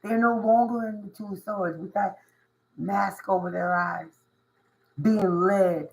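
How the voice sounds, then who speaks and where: A woman's voice: mid-range voice, fairly even intonation, measured pace, gravelly, low-quality recording. A woman giving a tarot reading to her viewers, emphatic and preachy, full of slang and repetition. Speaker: tarot reader.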